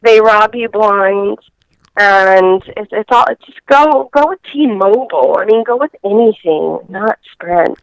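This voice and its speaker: Slow, halting woman on a muffled line. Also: mid-range voice, lively intonation, clean tone, no room sound. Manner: halting, many fillers and restarts. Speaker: interview guest. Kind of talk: casual interview chat. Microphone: phone line.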